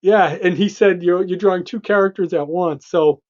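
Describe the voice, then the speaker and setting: High voiced podcast guy, excited little asides, muffled lo-fi mic. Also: normal speed. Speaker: podcast co-host. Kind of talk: casual chat. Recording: dull lo-fi sound.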